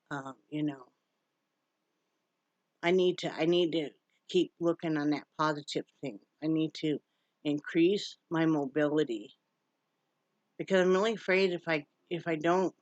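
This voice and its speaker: A woman's voice: sits low, dry recording, muffled recording. A middle-aged woman from Wyoming chatting casually to her camera at home. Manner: chatty, baby-talks to her dog. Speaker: vlogger.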